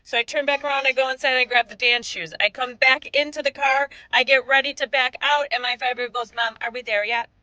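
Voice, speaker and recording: A woman in her thirties, a mother telling a comic storytime with wry, exasperated, deadpan asides. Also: high-pitched, brisk, hardly any pauses, no room sound, poor audio.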